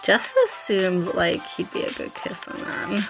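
A woman's voice: mid-range voice, steady tone, unhurried, vocal fry, over music. A woman casually commenting on a dating game as she plays, reading its text aloud and swearing freely. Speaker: gaming YouTuber. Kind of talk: casual let's play commentary.

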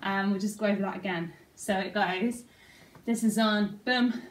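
A woman's voice: mid-range voice, steady tone, normal speed, reverberant, recorded from a distance, slight background noise, low-quality recording. A young woman teaching a dance routine at home, counting and scatting the moves aloud. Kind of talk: talking through a dance routine. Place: top-floor flat.

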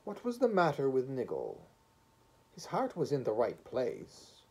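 A man reading the part of a gentle yet firm official, hopeful and sad, in a storybook reading, with a husky voice. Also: mid-range voice, wildly swooping pitch, a little slow, full character voice, poor audio. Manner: gentle but firm, authoritative.

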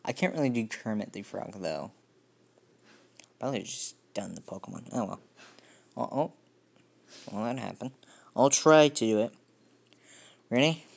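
A man's voice: fairly low pitch, animated, normal speed, vocal fry, long pauses. A man talking casually to camera in a rambling, self-deprecating way. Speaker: vlogger. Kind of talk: casual video monologue.

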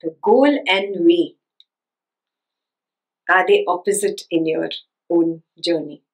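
A woman's voice: fairly low pitch, takes it slowly, low-quality recording. A woman giving a spiritual teaching talk, who stresses and repeats her key points and keeps checking that listeners follow with rhetorical questions.

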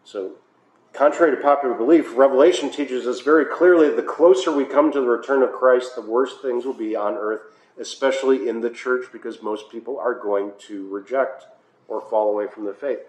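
A man's voice: medium pitch, a little fast, darkish tone. An American man, a pastor, leading a Bible study in a conversational way, with filler uhs and wry asides. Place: church hall. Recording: echoey room, faint noise.

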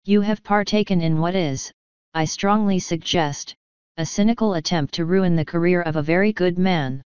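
A woman's voice: fairly low pitch, moderate pace, a little mellow, clear, resonant tone, no room sound, close to an everyday voice. A woman reading as a dry, wry old colonel. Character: retired older male colonel, dry and quietly scornful. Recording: dull lo-fi sound.

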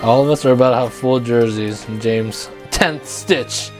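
A man's voice: mid-range voice, moderate pace. A young man trading dry, sarcastic jabs with friends during a craft contest. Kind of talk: casual banter. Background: music.

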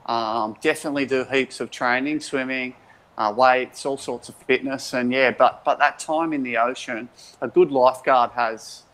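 A man's voice: mid-range voice, steady tone, normal speed, a bit bright, rough recording. A man, a lifeguard guest giving earnest advice in a casual chat. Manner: earnest, storytelling.

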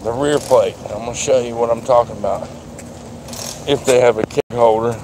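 A man's voice: mid-range voice, steady tone, normal speed. Rambling man on a noisy lot. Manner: rambling, folksy, drops mild swears. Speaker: vlogger. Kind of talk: casual walkaround vlog. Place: outdoors at a car dealership lot. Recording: outdoor traffic noise behind.

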